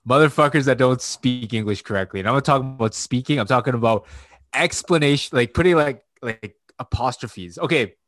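A man's voice: mid-range voice, fairly quick, a bit bright, dry recording. A man ranting in casual podcast chat, swearing and getting worked up, from Canada. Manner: profane, gets worked up mid-rant. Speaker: podcast co-host.

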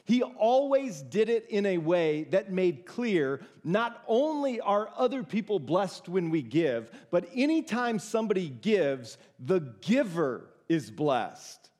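A man with a high, bright voice delivers a sermon. He preaches in a casual, conversational manner, often turning to the congregation with direct asides. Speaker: pastor.

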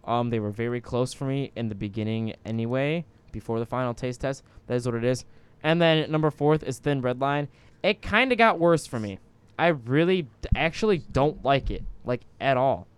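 A man's voice: medium pitch, moderate pace, clear, resonant tone, dry recording. A tipsy man co-hosting a beer-tasting podcast, rambling with lots of fillers. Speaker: podcast co-host. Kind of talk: casual beer-tasting chat.

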